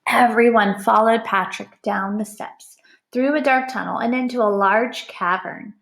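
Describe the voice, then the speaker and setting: A woman reading a picture book aloud in an animated way, pausing to ask the listener questions. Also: fairly high pitch, gravelly, background noise. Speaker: storybook reader. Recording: roomy echo.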